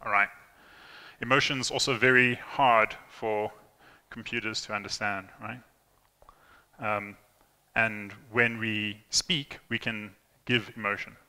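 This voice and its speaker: In a reverberant hall, a young conference speaker takes his time through a casual tech talk, his low voice bright and forceful with fairly even intonation. He chats loosely, restarting often, using many fillers, and performing quoted lines.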